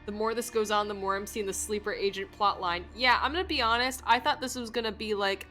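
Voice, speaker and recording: A woman's voice: medium pitch, a little fast, few pauses, pushed and bright, faint music behind. A woman streamer joking and laughing as she comments live on a story game.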